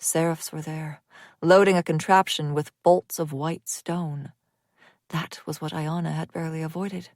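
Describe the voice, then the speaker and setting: A woman reads a dark fantasy audiobook at an unhurried, deliberate pace, her voice a touch low. She is measured and often sinks into hushed near-whispers. It sounds like a close mic in a dry booth. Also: fairly even intonation, no room sound. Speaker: audiobook narrator.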